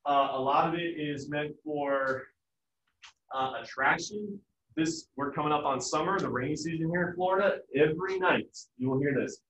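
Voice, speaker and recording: A man's voice: on the high side, moderate pace, fairly bright tone, slight background noise. Male teacher lecturing loosely with jokes, recorded from across an echoey room. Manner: casual, joking, acts out family voices. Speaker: biology teacher. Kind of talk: classroom lecture. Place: classroom. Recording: echoey, distant, dull room sound.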